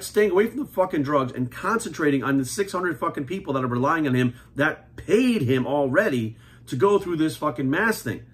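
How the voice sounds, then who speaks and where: A heated, foul-mouthed man in his forties rants at a fast clip. His voice sits a little high for a man, and he keeps hammering the same points bluntly. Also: fairly bright tone. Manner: blunt, heated, swears constantly, repeats points. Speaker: fitness coach and commentator. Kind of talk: profane opinion rant to camera.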